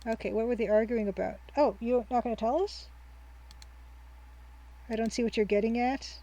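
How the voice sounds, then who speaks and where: A woman's voice: a little high, steady tone, normal speed, warm tone, low-quality recording. A woman streamer and game developer in casual live-stream commentary, chatty as she reads game text and chat messages aloud. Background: faint game music.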